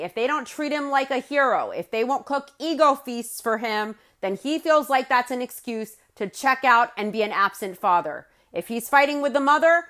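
A woman hosting a podcast, giving opinionated, indignant reality-show recap commentary with big swings in loudness and pace. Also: a little high. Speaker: podcast host.

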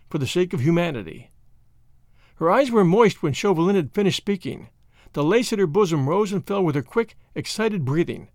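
A man narrating a classic novel with an expressive, dramatic reading. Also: high voice, no echo, studio quality. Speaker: audiobook reader.

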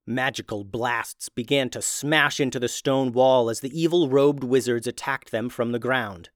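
A man narrating a children's fantasy adventure in a steady, even reading voice. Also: medium pitch, no room sound, clean studio sound. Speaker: storyteller.

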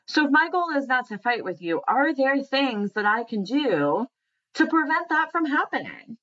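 A woman's voice: high voice, big pitch swings, moderate pace, sharp tone, muffled recording. A woman talking casually and earnestly about communication, asking many rhetorical questions. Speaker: speaker on communication. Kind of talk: casual monologue.

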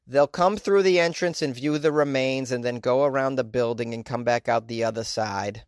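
A man's voice: mid-range voice, moderate pace, clear, resonant tone, no room sound, clean studio sound, lightly acted. A man voicing a woman funeral home owner with a put-on Boston accent, in a chatty, matter-of-fact way.

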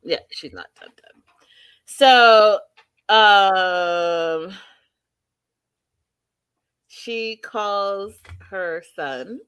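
A woman's voice: mid-range voice, extremely slow, pauses often, a bit bright, clear, resonant tone, no room sound. A woman hosting a casual reality TV recap, emphatic and repeating phrases for effect. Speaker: show host.

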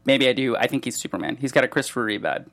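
A man's voice: mid-range voice, racing, a bit bright. A man hosting a casual comedy chat, playful and teasing, wandering off on tangents. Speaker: podcast host.

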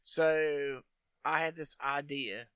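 A man's voice: fairly high pitch, fairly even intonation, slow pace, pushed and bright, clear, resonant tone, dry recording. A man hosting a podcast, telling long profane stories in casual chat, laughing often. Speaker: podcast host.

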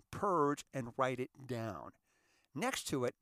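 Parked in his car, a middle-aged radio host runs a casual self-help talk show, cracking jokes and performing the voices in the dialogue he quotes. He's animated, speaking slowly at a medium pitch, with clean studio sound and no room noise.

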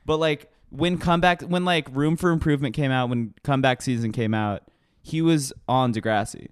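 A man's voice: mid-range voice, clean tone, no echo, studio quality. A man co-hosting a casual chat, rambling and laughing as he retells scenes. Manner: rambling, laughing, quick retellings with put-on quotes.

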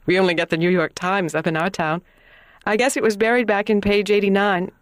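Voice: mid-range voice, steady tone, brisk, no echo, studio quality, lightly acted. A performer voicing an earnest young woman schoolteacher who presses with direct questions. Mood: earnest, curious. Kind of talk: dramatized audiobook reading.

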